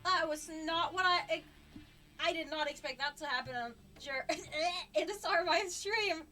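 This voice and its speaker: A woman's voice: very high voice, steady tone, a little slow, sharp tone, recorded from a distance, soft background music. A woman streamer chatting casually on a livestream, giggly and flustered, often stopping to restart her sentences.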